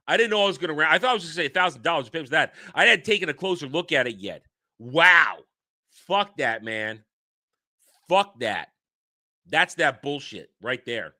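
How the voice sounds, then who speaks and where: Bright-voiced man ranting loudly. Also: a little high, expressive, normal speed. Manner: angry, profane, shouting rants. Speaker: show host. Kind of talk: ranting commentary.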